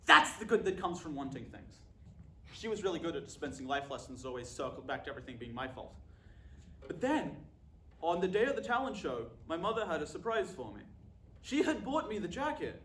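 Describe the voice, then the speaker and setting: Deadpan man in an echoey room. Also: fairly high pitch, brisk, a little hiss or hum. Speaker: comic monologue performer. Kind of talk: scripted comic monologue.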